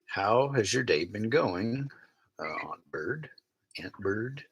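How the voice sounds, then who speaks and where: A man's voice: fairly low pitch, lively intonation, slow, husky, no room sound, dull audio. A man, chatting casually from a tiny sailboat cabin and reading viewer comments aloud with wry mock outrage. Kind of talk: casual live-stream chat. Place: small cabin of a sailboat at night.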